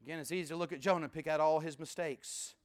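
A man preaching a sermon in a folksy, conversational way, swinging from loud emphatic bursts to hushed near-whispers. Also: fairly high pitch, fairly even intonation, fast, clean tone. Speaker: pastor.

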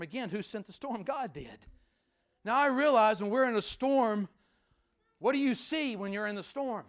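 Man preaching, high voice, rhythmic repeats, swings loud to hushed, pastor at the pulpit. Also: expressive, moderate pace. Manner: repetitive, rhythmic emphasis. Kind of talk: sermon.

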